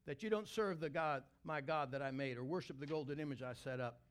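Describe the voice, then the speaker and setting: A man voicing an arrogant, angry ancient king who threatens and mocks, pitched lower than his own voice. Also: brisk, natural voice. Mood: threatening. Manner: boastful, mocking.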